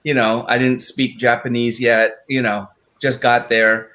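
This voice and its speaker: A man at a middle pitch tells behind-the-scenes stories in a loose, chatty way. He slips into voices to act out the lines he quotes. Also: flat delivery, unhurried, bright, forceful tone. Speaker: writer of the film. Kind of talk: casual storytelling in a live panel.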